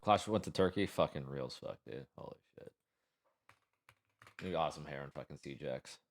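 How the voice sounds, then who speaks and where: A man's voice: very deep voice, moderate pace, a little hiss or hum. A young man streaming a watch party, chatting loosely, swearing often and joking with himself. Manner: swears a lot, rambling, laughs at himself. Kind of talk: casual chat, profane and loose.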